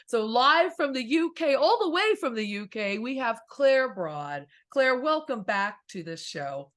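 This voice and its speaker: A woman's voice: on the high side, very animated, a little slow. A woman hosting a casual interview show, bubbly and chatty, often turning to talk straight to her viewers. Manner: bubbly, addresses viewers directly. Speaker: host. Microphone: video call.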